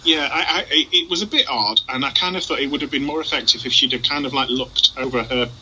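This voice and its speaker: A man co-hosting a podcast in casual chat, halting with many ums and restarts, with a dry sense of humour. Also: medium pitch, bright, forceful tone, slight background noise, low-quality recording. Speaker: podcast co-host.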